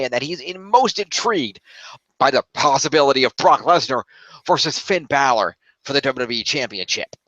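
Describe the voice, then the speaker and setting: A man co-hosting a casual podcast, summarizing the week's wrestling in quick run-on sentences and swearing offhandedly. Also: mid-range voice, a bit bright, dry recording, highs cut off. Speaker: podcast co-host recapping wrestling. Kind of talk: casual recap chat.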